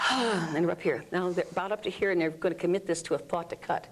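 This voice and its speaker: In a room under studio lights, a woman explains an energy healing technique during an interview, demonstrating groans, sighs and other vocal sounds as she goes. Her voice is lowish and husky.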